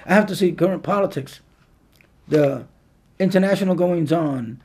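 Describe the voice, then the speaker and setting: A man preaching a sermon, with earnest, drawn-out emphatic phrasing and a gravelly voice. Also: a little high, lively intonation, darkish tone.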